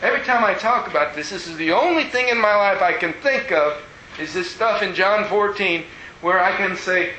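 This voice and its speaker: A man preaching a sermon as pastor, telling stories in an animated way and acting out the people he quotes. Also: high-pitched, a little hiss or hum. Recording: roomy echo.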